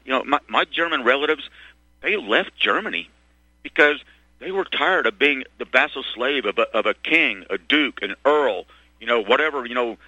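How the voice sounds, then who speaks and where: A man's voice: mid-range voice, lively intonation, bright, forceful tone, no room sound, dull audio. Man rambling on talk radio. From Texas. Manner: halting, full of restarts and fillers. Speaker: radio talk show host. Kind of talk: rambling monologue.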